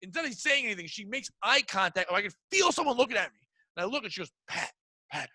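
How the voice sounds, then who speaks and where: High, bright-voiced comedian telling a crude story. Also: male voice, very fast, no echo. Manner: crude, animated, acts out voices in anecdotes. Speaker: podcast co-host.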